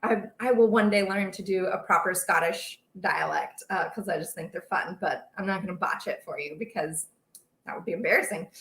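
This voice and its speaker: A woman's voice: fairly low pitch, a little fast, vocal fry, a bit bright. Brief: young woman, chatty livestream baking host, rambling, a roomy echo in the kitchen. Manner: chatty, rambling, reads out viewer comments. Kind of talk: casual live-stream chat while cooking. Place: home kitchen.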